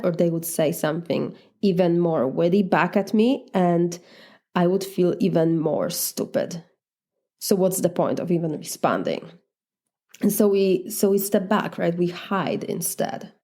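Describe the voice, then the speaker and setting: A woman's voice: on the low side, measured pace, mellow. A woman with an Eastern European accent, a life coach talking earnestly in a solo podcast monologue, often adding "right?" to her points. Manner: earnest, reflective, frequent "right?" asides.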